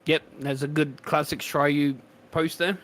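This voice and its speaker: A man's voice: fairly high pitch, steady tone, measured pace, a bit bright. A man hosting a live stream, chatting casually and exasperated while he fixes broken chat commands. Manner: chatty, exasperated, laughing at tech troubles. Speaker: streamer host.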